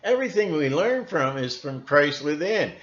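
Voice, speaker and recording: A man's voice: fairly high pitch, big pitch swings, normal speed. A man hosting his own channel in a casual, rambling monologue, chuckling and stopping to rephrase himself. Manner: rambling, chuckling, frequent fillers and restarts. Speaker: channel host. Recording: dull lo-fi recording.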